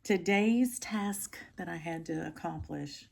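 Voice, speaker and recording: A middle-aged woman chatting casually to camera from home as a stitching vlogger, with frequent ums and pauses. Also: fairly low pitch, gravelly, a little mellow.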